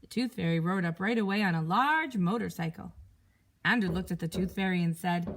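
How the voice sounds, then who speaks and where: A teacher reading a picture book aloud to young pupils, expressive and animated. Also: female voice, on the low side, a little fast, slight background noise.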